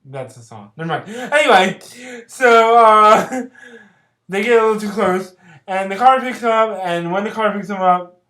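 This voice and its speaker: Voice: mid-range voice, animated, measured pace, a bit bright, echoey room. A casual vlogger rambling through a film plot recap with lots of fillers and giggles. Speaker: vlogger reviewing films.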